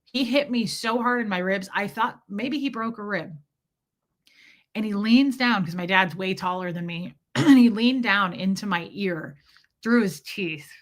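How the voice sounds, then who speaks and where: A woman's voice: medium pitch, unhurried. A woman from Kansas City, podcast host, telling a personal story candidly and emotionally with lots of "like" fillers. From Kansas City, USA.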